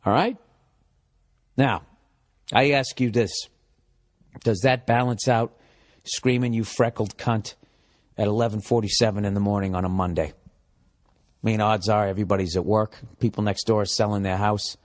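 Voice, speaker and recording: Profane comedian ranting solo. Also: male voice, on the low side, steady tone, normal speed, long pauses. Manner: profane, riffing, shouting bits in put-on voices. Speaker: podcast host. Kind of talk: solo comedy podcast rant.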